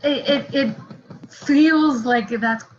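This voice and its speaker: A woman taking part as the client in a session, talking hesitantly with halting restarts. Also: high voice, lo-fi sound, background noise.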